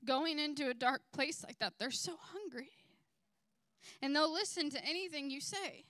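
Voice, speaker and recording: A woman's voice: high-pitched, moderate pace, no echo. A young woman giving a casual church testimony, telling a story with lots of "like" and quoting people in different voices. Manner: animated storytelling with quoted voices and many "like"s.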